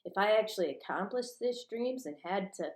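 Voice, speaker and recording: A woman's voice: mid-range voice, expressive, brisk, reverberant. A woman ranting in a rambling, profane monologue.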